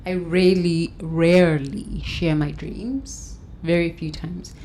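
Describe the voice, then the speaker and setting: A woman hosting a guided breathing session and self-help talk, counting breaths slowly and soothingly, with loud sighs. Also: lowish voice, fairly even intonation, slight background noise. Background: faint instrumental music.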